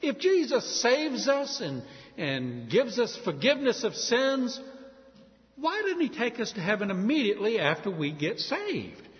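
A man's voice: extremely high pitch, huge pitch swings, unhurried. A man preaching a sermon, teaching through a Bible passage verse by verse with conversational asides. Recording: echoey hall, dull lo-fi sound.

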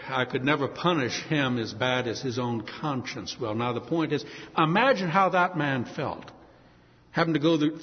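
A man's voice: mid-range voice, big-room sound, muffled recording. A middle-aged man preaching a sermon, telling a story with feeling and acting out the voices in it. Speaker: pastor.

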